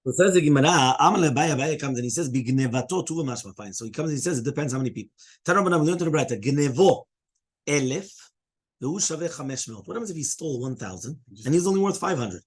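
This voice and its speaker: A man's voice: a little high, expressive, very fast, breathy edge. A man who is a rabbi leading a Talmud study class, explaining step by step, fielding students' questions and often checking in with "right?".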